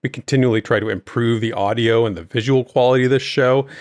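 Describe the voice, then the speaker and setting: A man co-hosting a podcast over a remote call in casual chat, upbeat and quick to laugh, with a groggy morning voice. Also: medium pitch, fairly even intonation, a little mellow. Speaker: podcast co-host.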